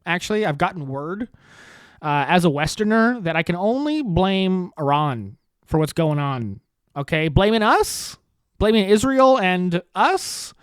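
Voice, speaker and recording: A man's voice: high voice, sing-song, measured pace, smooth, dry recording. A man hosting a comedy podcast, delivering an exasperated, sarcastic rant with frequent swearing. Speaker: podcast host. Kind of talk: comedic monologue.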